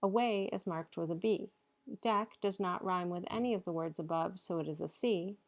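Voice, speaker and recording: A woman's voice: lowish voice, moderate pace. A woman giving a recorded literature lecture, explaining over slides and reading verse aloud in rhythm.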